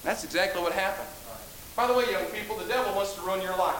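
A man preaching a sermon with passion, repeating phrases and swinging between loud and soft. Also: high-pitched, quick pace, roomy sound, a little hiss or hum, low-quality recording.

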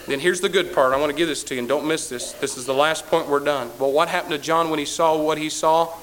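Male preacher mid-sermon, fervent and repetitive, fairly high voice. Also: fairly even intonation, quick pace, hardly any pauses, poor audio. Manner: impassioned, repetitive, swelling to loud peaks then dropping low.

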